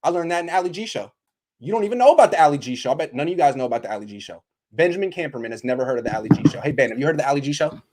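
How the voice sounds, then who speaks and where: A man hosting a sports talk show, excitable and quick with banter as he takes calls. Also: a little high, a little hiss or hum. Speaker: host.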